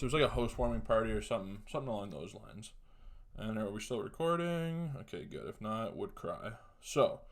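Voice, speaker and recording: Young man, podcast host, casual storytelling, crude, profane, frequent chuckles, average pitch.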